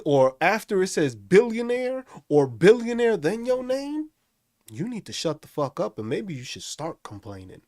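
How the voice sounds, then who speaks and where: A man rants angrily into the mic, swearing constantly and mocking the people he talks about. His voice sits a little high and swings widely up and down. The sound is dry and close, with no room echo. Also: darkish tone. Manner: angry, profane, mocking. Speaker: host. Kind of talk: profane ranting commentary.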